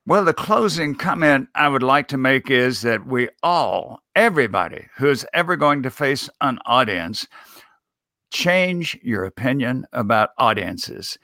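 Bright, crisp-sounding male speech coach. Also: mid-range voice, lively intonation, a little slow, no echo, clean studio sound. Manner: folksy, emphatic, chuckles. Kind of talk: interview answers. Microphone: video call.

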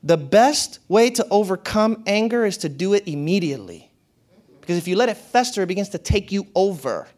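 A man speaking to an audience in a motivational talk. He is conversational and laughs often, dropping to low murmurs and then rising to excited peaks. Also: fairly quick.

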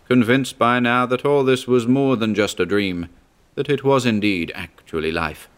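A man narrating a story in a measured, even reading. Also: low voice. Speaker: audiobook narrator. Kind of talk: scripted narration.

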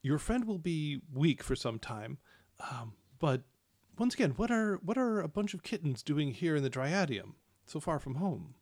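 A man voicing a calm, aloof male elf ranger who speaks in a measured, formal way. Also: fairly high pitch.

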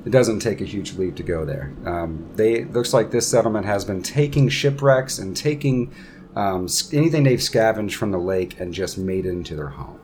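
A man's voice: on the low side, lively intonation, moderate pace, darkish tone, slight background noise. A man narrating a tabletop game as game master in a casual, rambling way with many fillers.

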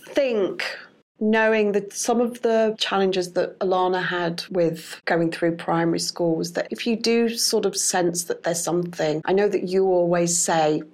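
A woman in her forties, a parent who is leaving, giving measured, thoughtful answers in an interview. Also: lowish voice, fairly even intonation, darkish tone. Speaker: guest, departing parent. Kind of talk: casual interview.

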